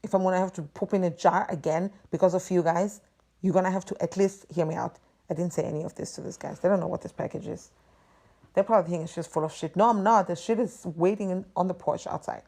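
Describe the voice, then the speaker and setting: A woman's voice: fairly low pitch, steady tone, fast, mellow. A woman hosting a podcast, delivering an exasperated, profane and emphatic ranting monologue. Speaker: podcast host.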